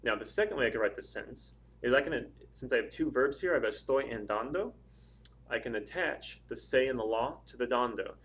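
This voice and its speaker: A man teaching a language lesson, explaining step by step with patient pauses and frequent ums. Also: medium pitch, expressive, a bit bright. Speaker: Spanish teacher.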